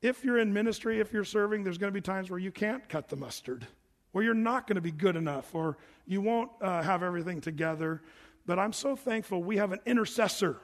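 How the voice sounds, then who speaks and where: A man preaching an evening Bible study sermon, reading scripture aloud and then explaining it in a casual, animated way. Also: high voice, fairly quick, long reverb tail.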